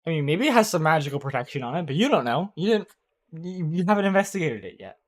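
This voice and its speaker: A game master narrating a tabletop game in a halting way, full of fillers and restarts. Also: mid-range voice, big pitch swings. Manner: halting, filler-heavy, self-correcting.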